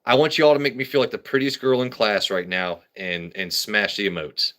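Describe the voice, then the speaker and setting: A man's voice: fairly low pitch, fairly even intonation, a little fast, bright, forceful tone. A man hosting a casual comedy livestream, rambling and riffing with stammered restarts. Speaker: livestream host.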